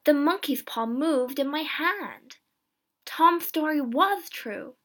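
A woman's voice: high voice, animated, slow pace, a bit bright, pitched above the performer's own voice, full character voice. A woman voicing a stubborn elderly husband in short, blunt replies.

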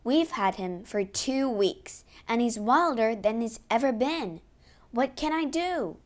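Brief: woman putting on a forceful frontier hero, shouting down a bully, slow and deliberate. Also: extremely high pitch, animated, heavily acted. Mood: despairing. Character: bold, righteous male stranger, mining expert.

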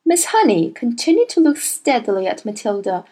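A woman reading a children's storybook aloud in a measured, expressive way. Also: a little high, breathy edge, poor audio. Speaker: narrator.

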